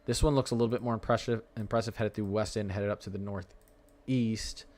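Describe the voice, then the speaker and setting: A man's voice: lowish voice, fairly even intonation, fairly quick, darkish tone. A young man hosting a live weather stream, talking through radar warnings in a chatty, rambling way and stumbling over place names.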